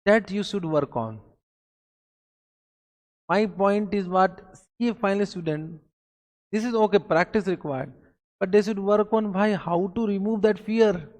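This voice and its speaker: A man's voice: sits high, unhurried, long pauses, darkish tone, long reverb tail. A man with an Indian English accent giving a motivational revision lecture to accountancy students, full of rhetorical questions and repeated phrases. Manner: pep talk full of rhetorical questions and repetition. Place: classroom.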